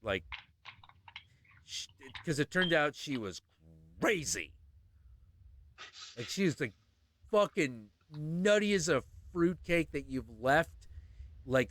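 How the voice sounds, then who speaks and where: Man, host, casual storytelling, profane, lively pitch, unhurried. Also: no room sound. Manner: animated, profane, acts out voices in his stories. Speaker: podcast host.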